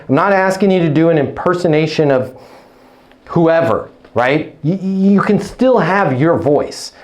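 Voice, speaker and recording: Blunt, emphatic male sales coach. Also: on the high side. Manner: emphatic, blunt, casual swearing. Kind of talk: coaching session.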